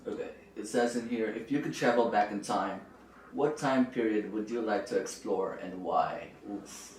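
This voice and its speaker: Young filipino guy, low voice, laid back chatty, kinda far off in a roomy room with faint hiss. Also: normal speed. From Philippines. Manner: relaxed, playful, with frequent likes and hedges. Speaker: podcast guest. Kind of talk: casual chat. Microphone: camera microphone, not the podcast mic. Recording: roomy audio from a distant camera mic.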